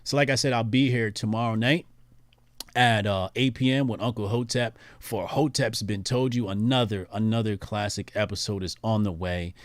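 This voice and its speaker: A man's voice: on the low side, steady tone, normal speed, no room sound. Laid-back man hosting a livestream. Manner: laid-back, rambling, frequent fillers. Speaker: livestream host. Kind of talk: casual livestream chat reading viewer messages.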